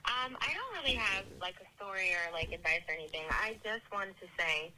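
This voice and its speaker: A woman's voice: medium pitch, animated, a little fast, bright, forceful tone, a little hiss or hum. A young woman leaving an earnest, chatty voicemail message for a podcast. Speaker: voicemail caller. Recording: tinny phone line.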